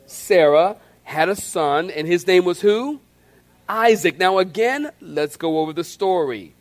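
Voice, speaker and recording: A man with a high, light voice preaches a sermon from the pulpit. He is animated and acts out the scenes, and he calls on the congregation to answer back. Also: measured pace. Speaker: pastor.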